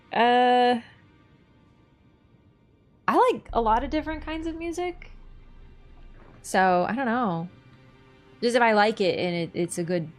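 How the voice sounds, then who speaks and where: A woman streaming a game, chatting casually in a playful, teasing, rambling way. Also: mid-range voice. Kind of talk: casual chat while gaming.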